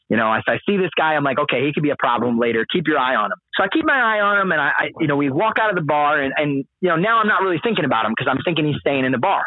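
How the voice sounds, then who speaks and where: Animated, profane man telling a story. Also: on the high side, no echo. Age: late 20s or older. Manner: animated, profane, lots of fillers. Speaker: podcast guest telling a story. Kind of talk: casual storytelling. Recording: husky voice over a dry, phone-like line.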